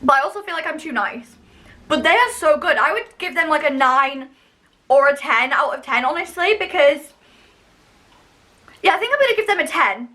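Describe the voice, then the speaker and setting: A woman's voice: high voice, lively intonation, moderate pace, long pauses, bright, forceful tone. A young woman from the UK chatting casually and enthusiastically while reviewing snacks in a vlog, with lots of fillers. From United Kingdom. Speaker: vlogger.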